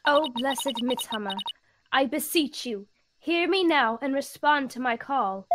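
A woman's voice: high-pitched, lively intonation, measured pace, noisy background. A woman reading aloud the lines of a haughty young princess priestess in a formal, archaic manner, over game music. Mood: solemn.

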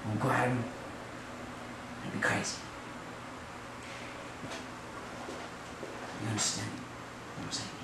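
An actor playing a scheming immigrant hustler in an acting-class film monologue, speaking in halting, repetitive, quietly sinister musings. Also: male voice, mid-range voice, flat delivery, natural voice. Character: scheming immigrant hustler man, smugly menacing. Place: large echoey studio kitchen. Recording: echoey room from far off, noisy.

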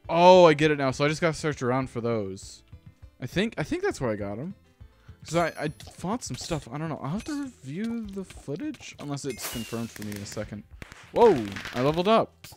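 A man hosting a gaming channel, giving rambling, self-deprecating let's-play commentary with sudden excited outbursts. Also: on the high side, fairly quick, faint music behind.

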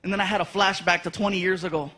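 High-voiced animated stand-up comic man. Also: quick pace. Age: 30s. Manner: animated storytelling with many voices. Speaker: stand-up comedian. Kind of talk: stand-up comedy set. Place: large live venue.

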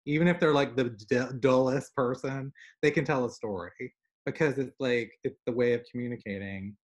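A man's voice: mid-range voice, moderate pace. A young man from the American South with a Southern accent, an artist talking casually on a video call, telling stories animatedly with lots of fillers. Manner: animated storyteller, many fillers. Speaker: artist guest. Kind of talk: casual conversation.

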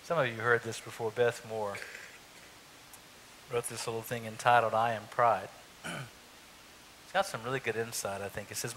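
A man delivers a sermon as pastor, retelling the story with a bright, forceful voice and friendly rhetorical questions. The sound carries a long reverb of a church hall. A faint hiss runs beneath it. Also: mid-range voice, little pitch movement, moderate pace, pauses often. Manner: conversational storytelling, rhetorical asides. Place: church sanctuary.

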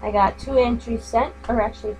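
Brief: older woman, grandmother type, chatty rambling craft-room talk, slightly high voice, faint hum. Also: fairly even intonation, a little fast, a little mellow, rough recording. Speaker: craft vlogger. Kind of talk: casual chat while crafting.

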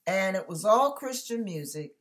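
Animated woman preaching. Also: medium pitch, moderate pace. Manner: animated storytelling with asides to listeners. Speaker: online minister. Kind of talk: preaching monologue.

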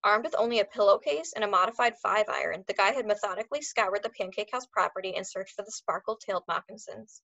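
A woman's voice: medium pitch, fast talker, vocal fry, hardly any pauses, no echo, dull audio. Woman reading a novel aloud. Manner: expressive, acts out characters.

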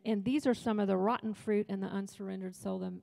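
A fast-talking woman with a mid-range, creaky, darkish voice keeps a steady tone as she preaches in a large church hall. Her sermon to a women's retreat is casual and comic, full of asides and playful jabs at the crowd.

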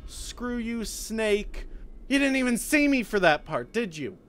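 A man's voice: very high-pitched, sing-song, a little slow, fairly bright tone. A man in let's play commentary, reacting to a hard climbing game with anxious exclamations, pleading and cursing at the game. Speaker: gaming video creator. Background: game music.

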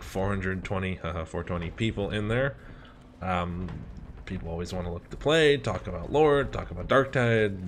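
A young man hosting a gaming channel, casually commenting on gameplay and telling a story, animated and swearing with lots of fillers. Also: sits low.

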